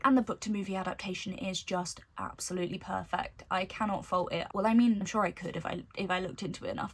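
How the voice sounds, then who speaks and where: A woman at an ordinary middle pitch talks casually to the camera as a book vlogger. She is chatty and gushing, full of enthusiasm.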